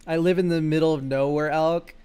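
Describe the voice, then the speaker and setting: A man's voice: a little high, fairly even intonation, a little fast, dark tone, clean tone. A young man streaming live, chatting loosely and jokingly as he reviews card game decks, swearing now and then and tossing out goofy exclamations. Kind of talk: casual live-stream chat.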